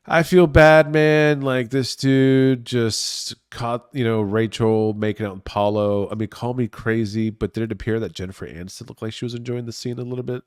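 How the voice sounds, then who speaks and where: A laid-back young man co-hosting a casual chat. His voice sits at a middle pitch and he speaks in an easy, agreeable way. The recording is dry, with no room sound. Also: smooth, dry recording. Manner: laid-back, agreeable, reads plot recaps. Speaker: podcast co-host.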